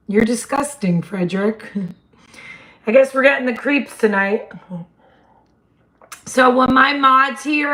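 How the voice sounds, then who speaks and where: A woman, hosting a casual livestream chat in a slightly hoarse voice and laughing often. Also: mid-range voice. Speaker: livestream host.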